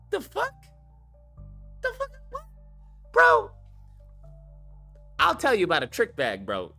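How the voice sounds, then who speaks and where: Young male streamer host, lively swooping delivery, bright tone, profane and excitable, faint music behind. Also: a little high, unhurried, creaky, long pauses. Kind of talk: casual chat to viewers.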